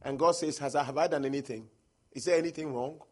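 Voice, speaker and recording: A man's voice: fairly high pitch, fast talker. A man preaching a sermon, emphatic, quoting scripture and rising and falling in force.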